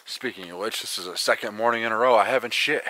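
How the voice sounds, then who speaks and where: A man's voice: on the low side, quick pace, sharp tone. Profane ranting hiker man. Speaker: hiking vlogger. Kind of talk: casual vlog monologue. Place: backcountry campsite outdoors.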